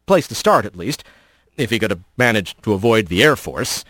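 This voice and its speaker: A man narrating a storybook in an expressive, storytelling way. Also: on the low side, moderate pace, no room sound. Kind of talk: audiobook narration.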